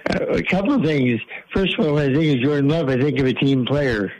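A man calling in to a radio show, chatting casually in a rambling, halting way. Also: fairly high pitch, slight background noise, poor audio. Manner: rambling, halting, with fillers and restarts. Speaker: regular caller. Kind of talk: casual call-in radio chat.

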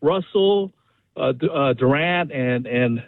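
A man's voice: mid-range voice, lively intonation, slow, no echo. A man calling in to a sports radio show, boastful and argumentative, heard over a phone line. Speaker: caller.

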